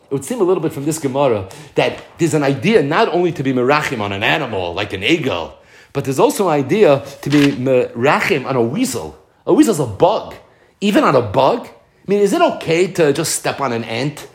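Male Torah teacher, fairly high pitch, animated lecturing delivery. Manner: animated, mixes Hebrew and Yiddish terms into English. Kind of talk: Talmud lecture.

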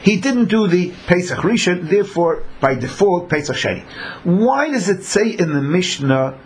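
A man's voice: high voice, big pitch swings, normal speed, a little hiss or hum. A man teaching a Talmud class who acts out the people in his examples. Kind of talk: Talmud lecture.

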